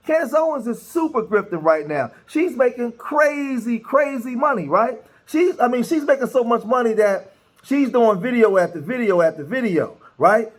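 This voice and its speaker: A man hosting political commentary, talking loosely with many restarts and reading posts aloud. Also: high voice. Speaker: commentary host.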